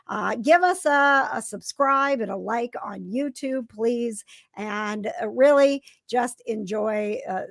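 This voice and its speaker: Upbeat gravelly woman hosting a show. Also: fairly high pitch, dry recording, studio quality. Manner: upbeat, rambling with fillers. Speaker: host. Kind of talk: casual live show chat.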